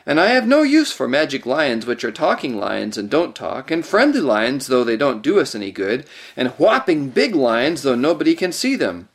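A man voicing a gruff, plain-spoken male dwarf who grumbles bluntly. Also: mid-range voice, big pitch swings, normal speed, hardly any pauses. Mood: grumbling.

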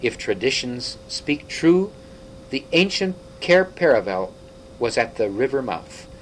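A man reading an audiobook, voicing an excitable old half-dwarf scholar who lectures briskly. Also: medium pitch, a little hiss or hum, low-quality recording. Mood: explaining.

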